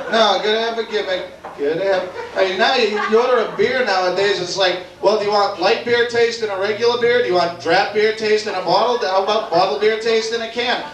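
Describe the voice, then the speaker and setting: A young man from Boston with a Boston accent, doing a brash, profane stand-up set in a bar. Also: high voice. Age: 20s. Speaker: stand-up comedian. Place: bar comedy club. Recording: roomy club tape from far off, loud crowd. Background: crowd laughter.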